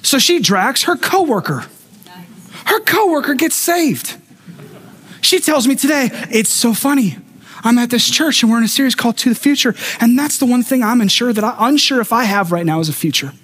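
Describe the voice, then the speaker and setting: A man preaching a sermon in a noticeably high voice for a man. He tells lively stories, throws in humorous asides to the congregation, and acts out the people he quotes. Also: normal speed, husky. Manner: animated storyteller acting out quoted voices. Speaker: pastor.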